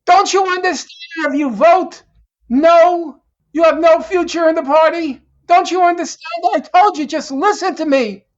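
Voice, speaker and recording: A man's voice: very high-pitched, measured pace, highs cut off, pitched above the performer's own voice. A man mockingly voicing a pushy female party leader who scolds a younger colleague.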